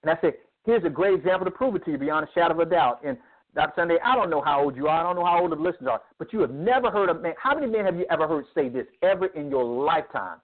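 Male guest speaker, lively preacher-style delivery, heard down a phone line. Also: a little high, rapid-fire. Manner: emphatic, preacherly, acts out dialogue. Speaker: guest speaker on men's ministry. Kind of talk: animated interview storytelling.

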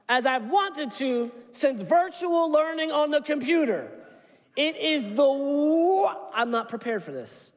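A male pastor preaching a sermon in a church, telling stories in an animated, humorous way. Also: very high voice. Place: church sanctuary. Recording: long reverb of a large hall.

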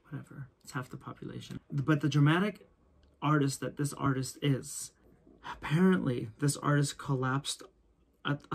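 A male photographer telling a story to camera in a casual, animated way. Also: fairly high pitch, vocal fry, breathy edge. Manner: animated, acts out quoted voices. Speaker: photographer and video host.

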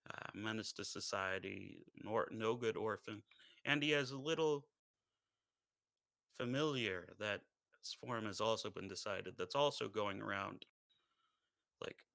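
Male player, gravelly low voice, jokey and cocky, dry close sound. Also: measured pace, pauses often, pushed and bright, dry recording, poor audio. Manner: playful, joking, boastful. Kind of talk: casual tabletop play.

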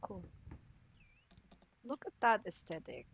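A woman's voice: mid-range voice, takes it slowly, long pauses, slight background noise. A woman streaming a horror game, talking to herself with jumpy, scared outbursts. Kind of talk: horror game let's play commentary.

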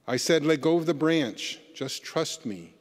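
A man voicing God as a calm male voice from above, speaking low and soft, with long church reverb. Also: unhurried.

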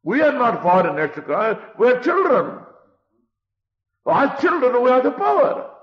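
A man's voice: extremely high pitch, sing-song, unhurried. A man preaching a sermon in an emphatic style, often pushing his voice up. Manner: emphatic, rising to a raised voice. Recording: dull lo-fi recording.

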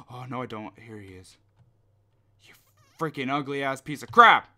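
Mostly talking to himself, a young man narrates a horror game let's play slowly and in drawn-out fashion. His expressive, mid-range voice is bright and sharp, breaking into curses and yelps at every scare.

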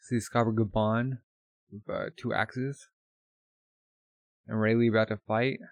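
A man's voice: lowish voice, little pitch movement, gravelly, no room sound. A man casually reacting to and reading a comic as a video host, chatty and full of fillers. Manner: chatty, filler-heavy, quick to laugh.

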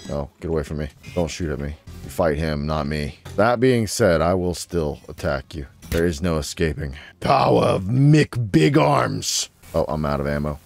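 A young man hosting a gaming channel, giving playful, casual commentary on his gameplay and talking to the creatures on screen. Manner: playful, talks to his creatures, sudden excited jumps in pitch.

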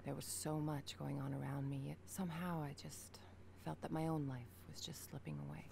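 A remorseful middle-aged mother in a video game speaks in a soft, hushed half-whisper. Her voice sits low with a gravelly fry. The game audio carries clear background noise. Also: little pitch movement, brisk. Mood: regretful.

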